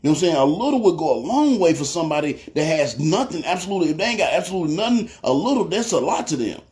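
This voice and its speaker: Fast-talking preacher man. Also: fairly high pitch, very animated, darkish tone. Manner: storytelling with frequent "you know what I'm saying". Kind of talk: testimony sermon.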